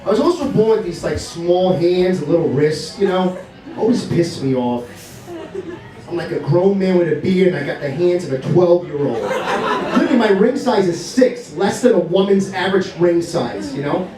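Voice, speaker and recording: New comic guy, middle-aged, brash and sweary, yelling punchlines, mic kinda far off, bar crowd laughing. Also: high voice, expressive, normal speed. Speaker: stand-up comedian. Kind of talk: stand-up comedy set. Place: comedy bar stage, live audience. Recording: echoey room, from afar, crowd laughter.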